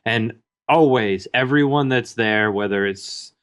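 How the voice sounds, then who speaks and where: A man's voice: mid-range voice, unhurried, a bit bright, smooth. A man co-hosting a casual gaming podcast, jokey and laughing between lines. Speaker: podcast co-host.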